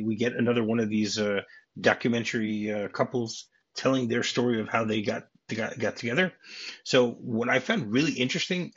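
Husky man explaining film trivia. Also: medium pitch, a bit bright, highs cut off. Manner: chatty and explanatory, retells scenes and trivia at length. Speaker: podcast co-host. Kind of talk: casual film discussion.

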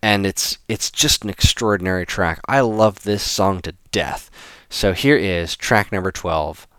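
Deep, smooth-voiced man rambling about music. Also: a little slow, fairly bright tone, no room sound, studio quality. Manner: rambling, many restarts, enthusiastic. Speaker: host presenting video game music. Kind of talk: casual spoken commentary.

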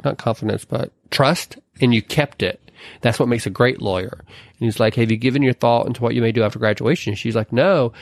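Young male podcast co-host, lively recap style, jumps into high character voices, dry close-miked sound. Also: fairly quick, dry recording. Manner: animated retelling, acts out quotes in high voices. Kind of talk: casual movie recap chat.

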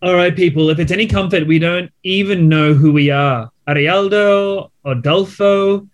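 A man's voice: high voice, normal speed. A man rehearsing lines for a play in long, rambling, theatrical speeches. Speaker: actor in a rehearsal. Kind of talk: theatrical line reading in rehearsal.

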